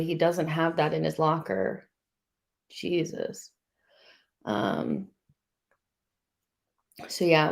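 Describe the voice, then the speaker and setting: A woman hosting a live football watchalong, chatting casually and shouting with excitement when her team does well. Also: low-pitched, creaky. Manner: excitable, shouts at big moments, swears casually. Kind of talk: live match commentary with viewers.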